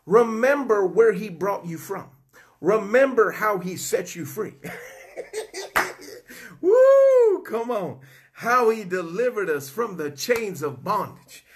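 A man's voice: high-pitched, animated, unhurried, fairly bright tone, breathy edge. A man preaching a fervent live-streamed sermon, whooping and repeating his key phrases, greeting viewers by name. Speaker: online preacher.

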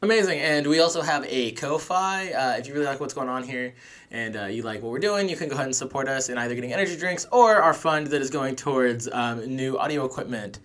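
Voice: mid-range voice, fast, fairly bright tone. A podcast co-host running through the show's plugs in a loose, rambling way, with many "uh"s. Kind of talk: casual outro plugs.

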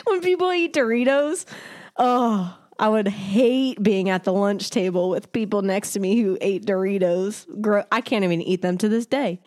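A woman's voice: mid-range voice, normal speed, a little mellow, no room sound, clean studio sound. A young woman co-hosting a casual podcast chat, giggling and laughing often as she talks. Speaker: podcast co-host.

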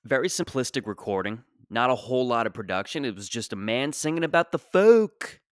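A man's voice: mid-range voice, lively intonation, a little fast, no echo, clean studio sound. A young man hosting a podcast, telling a comic story in a rambling, digressive way that keeps trailing off. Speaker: podcast host. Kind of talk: comedic solo storytelling.

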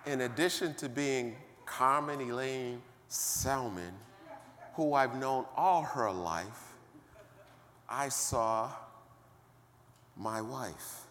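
A man preaching a sermon, calling out to the congregation and building up to shouting. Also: mid-range voice, very slow, pauses often, long reverb tail, a little hiss or hum.

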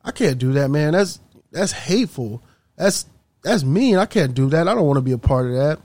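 A man's voice: mid-range voice, animated, quick pace, a little mellow, no room sound, natural voice. A man voicing a nervous, reluctant office employee who stammers and hesitates.

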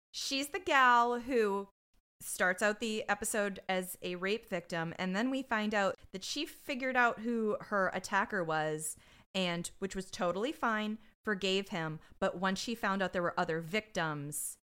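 A woman's voice: mid-range voice, fairly bright tone, smooth. A woman co-hosting a podcast, chatting casually, swearing and acting out quotes from episodes. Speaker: podcast co-host. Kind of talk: casual chat.

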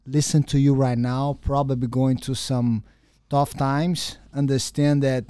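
A man's voice: medium pitch, little pitch movement, measured pace, dark tone, clean tone, dry recording. A man hosting a podcast, asking questions earnestly and often repeating words as he searches for them. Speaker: podcast host. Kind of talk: interview questions.

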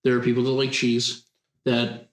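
A man's voice: medium pitch, monotone, moderate pace. Man, joking podcast co-host, laughs mid-sentence, roomy echo. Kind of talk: casual chat.

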